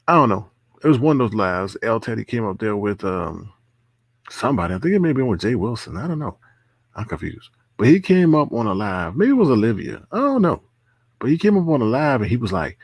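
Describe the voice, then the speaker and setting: A man's voice: medium pitch, sing-song, brisk, breathy edge, no room sound. A man hosting a casual livestream, reading chat comments aloud, laughing often and repeating himself. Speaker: livestream host.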